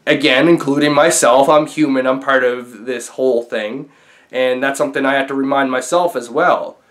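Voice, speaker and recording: A man telling a story to his viewers in an easy, conversational way. His voice sits in an ordinary middle register, and he pauses on fillers and restarts as he goes. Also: mid-range voice, steady tone, fairly bright tone. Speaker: vlogger. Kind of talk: casual storytelling.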